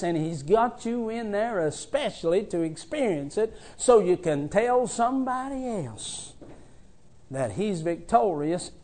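A male preacher with a strikingly high voice that leaps up and down as he preaches. He delivers a fervent sermon, dropping soft and then rising loud. His tone stays urgent and heartfelt. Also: animated, measured pace. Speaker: traveling preacher.

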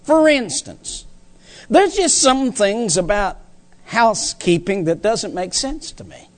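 A man's voice: sits high, very animated, takes it slowly. A male preacher delivering a sermon in an emphatic, folksy way, repeating phrases for stress.

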